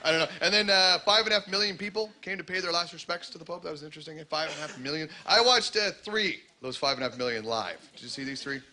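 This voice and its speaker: A man's voice: a little high, fast talker, few pauses. A man from Canada with a Canadian accent, doing a sardonic, conversational stand-up comedy set. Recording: loud background noise.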